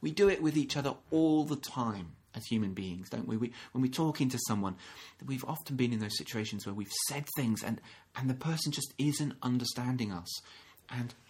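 A man giving a gentle, reflective sermon, often restarting phrases and acting out short quotes. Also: mid-range voice, a little fast, hardly any pauses, breathy edge. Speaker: minister.

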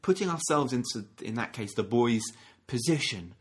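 A man giving a gentle, reflective sermon, often restarting phrases and acting out short quotes. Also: medium pitch, lively intonation, moderate pace, husky. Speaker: minister.

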